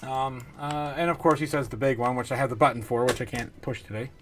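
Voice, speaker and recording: A man's voice: mid-range voice, fairly even intonation, fast talker, soft background music. A man hosting a casual livestream, reading viewer comments aloud and laughing often, close to a desk mic. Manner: giggly, laughs often, reads chat aloud. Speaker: livestream host.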